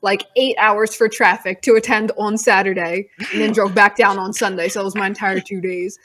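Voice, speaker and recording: A woman's voice: medium pitch, fairly even intonation, moderate pace, crowd noise, low-quality recording. A woman co-hosting a podcast in an upbeat, chatty, casual way. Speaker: podcast co-host. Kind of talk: casual chat.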